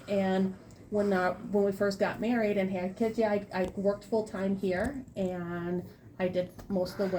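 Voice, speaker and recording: Woman, middle-aged, casual podcast chat, animated storyteller, mid-pitched, faint hiss behind. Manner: animated storytelling, quotes others in lively voices.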